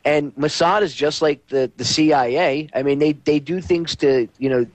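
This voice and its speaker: A man's voice: a little high, normal speed, no echo. A man hosting a radio show, talking in a rambling, conversational way with frequent stammers. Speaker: radio host. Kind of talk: casual talk radio chat.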